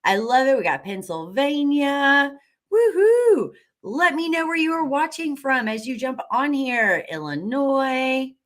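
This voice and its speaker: A bubbly, enthusiastic middle-aged woman hosts a live stream from home, talking into her webcam. Her voice sits fairly high and swoops up and down with lively energy. She speaks at an unhurried pace between her cheerful whoops. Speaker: livestream host. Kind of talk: upbeat live-stream chat with viewers.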